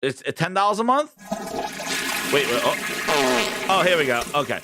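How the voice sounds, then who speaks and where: A man's voice: on the high side, very animated, a little slow, long pauses, noisy background. A man streaming a profane, mocking rant about video games, mimicking the people he makes fun of. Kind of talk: ranting game commentary.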